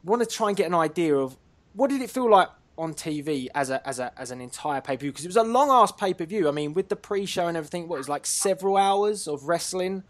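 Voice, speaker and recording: A man's voice: fairly high pitch, animated, fast. A man hosting a casual online wrestling chat show, upbeat and laughing often. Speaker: host.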